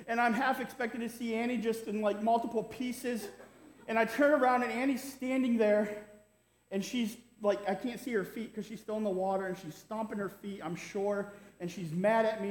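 A man delivers a sermon as if telling a funny story to friends, with a high voice. He keeps checking in with the congregation and leans on quick tags. The sound rings around a large, echoey church hall. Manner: conversational, keeps asking "right?". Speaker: pastor. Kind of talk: sermon with a humorous personal story. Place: church sanctuary.

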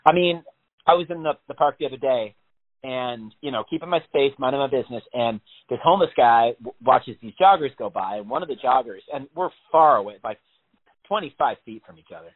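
A fairly quick, mid-range male voice carries casual podcast talk. He spins animated stories, swears often, and acts out voices in a panic, all recorded with a narrow, phone-like quality.

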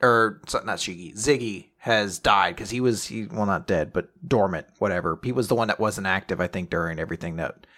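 A young man co-hosting a casual podcast, recapping a story in a rambling, animated way with laughs. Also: deep voice, a little fast. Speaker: podcast co-host. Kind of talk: casual chat recapping a manga chapter.

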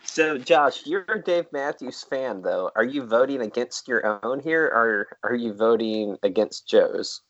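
A man co-hosting a podcast in casual chat, dry and sarcastic, often pausing on "uh" as he rants. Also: mid-range voice, expressive, a bit bright, dry recording, highs cut off. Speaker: podcast co-host.

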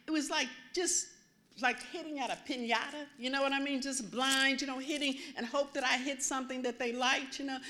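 An older woman minister preaching, telling a personal testimony in a lively, storytelling way with many asides. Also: sits high. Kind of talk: testimony sermon.

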